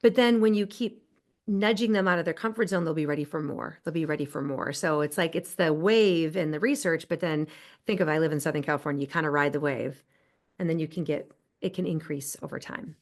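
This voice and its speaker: A woman's voice: sits low, brisk. A woman guest on a podcast, explaining research in an enthusiastic, conversational way. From United States. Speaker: podcast guest, positive psychology expert. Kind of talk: conversational interview. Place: Southern California.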